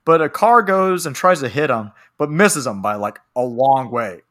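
A man's voice: medium pitch, lively intonation, normal speed, a bit bright. A man chatting casually on a podcast, recapping a film in a rambling way, often laughing and acting out lines. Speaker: podcast co-host.

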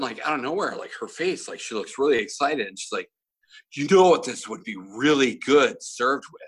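A man's voice: mid-range voice, pushed and bright. A man on a podcast, telling a story in casual chat, swearing and laughing often. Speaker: podcast host.

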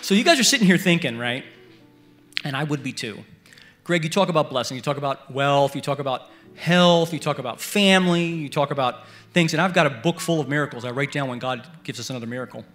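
A middle-aged man preaching a sermon at a church service, telling stories in an animated way and swinging between loud bursts and hushed prayers. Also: fairly high pitch, fast, soft background music. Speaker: guest preacher.

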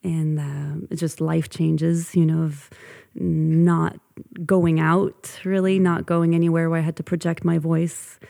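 A woman singer chatting as a guest, soft-spoken and thoughtful, laughing easily. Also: low-pitched, flat delivery, slow, creaky. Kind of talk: casual interview chat.

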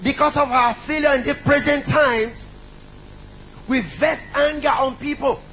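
A man's voice: very high voice, fairly even intonation, a little slow, sharp tone, slight background noise, low-quality recording. A middle-aged man preaching a sermon, emphatic and repetitive, calling out to the congregation.

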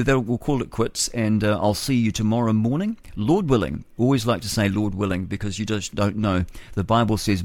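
A man's voice: fairly low pitch, vocal fry, a little mellow, dry recording. A male New Zealand radio host in meandering, folksy morning chat, reading the weather and musing aloud.

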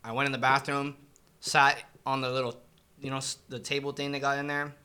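A man chats candidly on a casual podcast, his voice bright and forward. He swears freely and often trails off mid-thought. His pitch sits mid-range. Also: level tone, a little fast, clean tone. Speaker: podcast co-host. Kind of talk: casual chat.

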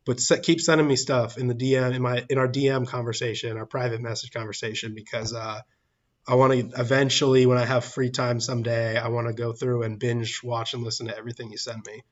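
A man's voice: mid-range voice, level tone, a little fast, lo-fi sound. A man hosting a casual livestream from a public place, rambling, laughing often and thanking his chat viewers. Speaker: livestream host.

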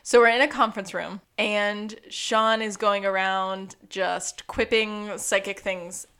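A woman's voice: mid-range voice, slow pace. A woman co-hosting a podcast, chatting casually as she recaps a TV episode and laughing often. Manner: chatty and animated, laughs often, acts out quotes. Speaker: podcast co-host.

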